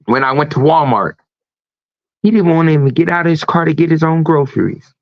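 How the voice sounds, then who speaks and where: A man's voice: on the high side, expressive, fairly quick, dry recording. A man hosting a livestream talk show, ranting emphatically with a lot of profanity. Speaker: host. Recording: dull lo-fi stream audio.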